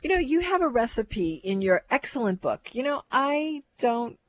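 A woman's voice: on the high side, big pitch swings, normal speed. An older woman chatting casually about food, rambling and restarting her sentences often. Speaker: co-host. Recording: dull lo-fi recording.

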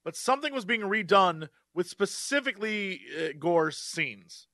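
A man's voice: high-pitched, expressive, unhurried, pushed and bright, no room sound, clean studio sound. A man co-hosting a podcast in a playful, hesitant casual chat. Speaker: podcast co-host.

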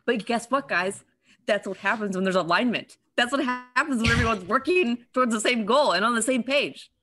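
A woman's voice: a little high, brisk, sharp tone. Affirming woman sports co-host. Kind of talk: casual chat.

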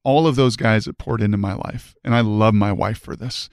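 A man's voice: fairly low pitch, moderate pace, clean tone, no room sound, clean studio sound. A man, a former football player, telling an emotional personal story as a podcast guest, earnest and fervent, often restarting his sentences.

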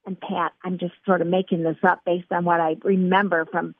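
A woman's voice: on the low side, level tone, a little fast, no room sound. A middle-aged woman, earnest and encouraging, on a phone-quality line with a dry sound. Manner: earnest, encouraging, speaks to host by name. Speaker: author and guest. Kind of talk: faith radio interview.

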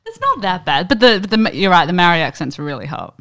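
A woman's voice: on the low side, very animated, fast, a bit bright. A woman, co-hosting a podcast in casual chat, laid-back and teasing with some swearing. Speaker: podcast co-host.

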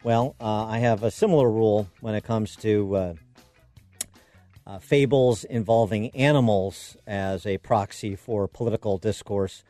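A man hosting a political talk radio show, interviewing guests in a measured way with drawn-out fillers. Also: fairly low pitch, mellow, faint music behind.

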